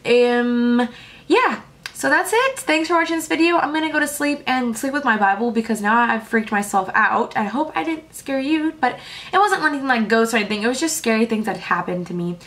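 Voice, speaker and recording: Vlogging at home late at night, a teenage girl speaks a little high with lively intonation, fairly quickly and a bit bright. She rambles breathlessly through her stories, leaning on filler words in a chatty, personal talk straight to the camera.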